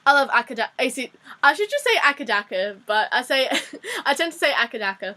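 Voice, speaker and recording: A woman's voice: sits high, sing-song, fairly quick, pushed and bright. A young Australian woman with an Australian accent, chatting and giggling through a casual vlog lesson with frequent restarts. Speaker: vlogger teaching slang.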